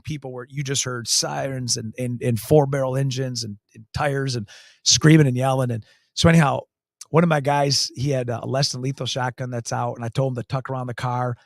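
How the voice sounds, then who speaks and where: A man's voice: mid-range voice, creaky, no echo, studio quality. A man, a county sheriff, telling a story in an interview, emphatic and earnest, repeating key phrases. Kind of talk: storytelling in a talk show interview.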